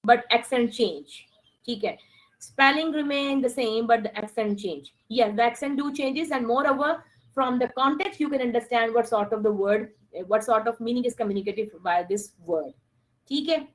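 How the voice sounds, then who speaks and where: Teaching English in an online class, a woman addresses her students directly while blending in Hindi-Urdu phrases. She speaks at a moderate pace in a slightly high voice, captured on poor audio.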